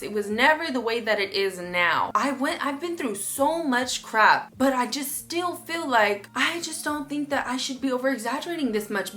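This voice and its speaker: A young woman talking casually in a storytime vlog, rambling with many fillers and restarts, and acting out her own past lines with sudden loud outbursts. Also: a little high. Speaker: vlogger.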